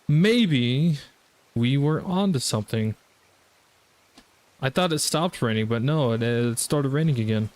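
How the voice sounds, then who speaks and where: A man's voice: mid-range voice, lively intonation, slow, long pauses, darkish tone. A young man with a Southern US accent, chatting casually and rambling to his viewers while he plays on a gaming livestream. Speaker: gaming streamer.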